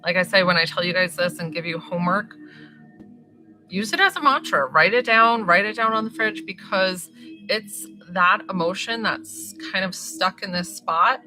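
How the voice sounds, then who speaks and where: A woman's voice: medium pitch, moderate pace. A woman spiritual healer talking through a live-streamed remote healing session, chatty and rambling, full of fillers and reassuring affirmations. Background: faint music.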